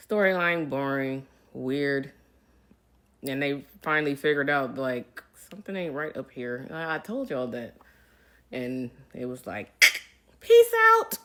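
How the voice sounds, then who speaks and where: A woman's voice: sits low, a bit bright. A middle-aged woman in casual livestream chat. She reads out viewer comments and answers them in a chatty way, calling her viewers y'all. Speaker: reality TV personality answering live viewer comments.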